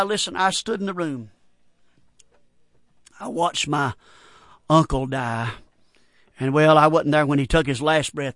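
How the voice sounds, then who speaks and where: A man's voice: on the high side, fairly bright tone, no echo, clean studio sound. A middle-aged man preaching a fervent radio sermon, repeating phrases in a folksy, plainspoken way.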